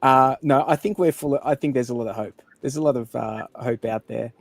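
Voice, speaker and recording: A man's voice: medium pitch, a little fast, creaky, dry recording. A man, co-hosting a casual podcast, telling a story and laughing often. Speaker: podcast co-host. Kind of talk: casual chat, telling a joke.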